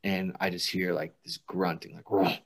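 A man's voice: low-pitched, flat delivery, moderate pace, fairly bright tone. A man chatting casually on a podcast, telling anecdotes and laughing as he goes. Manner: laughs through vivid anecdotes. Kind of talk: casual chat, storytelling.

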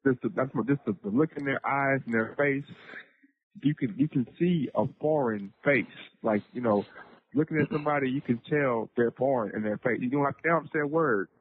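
A man's voice: medium pitch, fairly quick, a little hiss or hum. A man from Africa hosting a casual interview, emphatic and repetitive as he searches for his words. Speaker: podcast host. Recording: tinny phone-like remote line.

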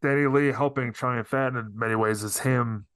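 Smooth-voiced man, thoughtful guest. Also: mid-range voice, steady tone, moderate pace, a bit bright, no room sound. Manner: thoughtful, hesitant with many restarts. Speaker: podcast guest. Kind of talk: casual film discussion.

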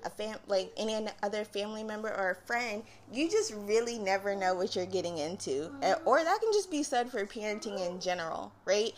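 A young woman, a mother, hosting a casual podcast and telling a family story in a chatty way, growing animated and laughing as she retells it. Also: mid-range voice, a little hiss or hum. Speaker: podcast host. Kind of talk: casual solo podcast talk.

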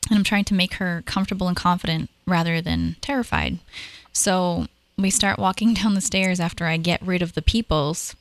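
A woman in her thirties recounts ghost encounters in a chatty, animated way, rushing through stretches and padding with fillers. Her voice sits fairly low for a woman. The sound is dry and close. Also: no room sound. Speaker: paranormal investigator, guest. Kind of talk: casual storytelling conversation.

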